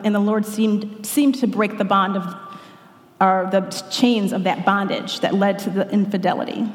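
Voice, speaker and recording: A woman sharing an earnest church testimony, breaking off and restarting now and then, with prayers quoted along the way. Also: mid-range voice. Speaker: speaker giving a testimony. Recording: echoey hall, long reverb.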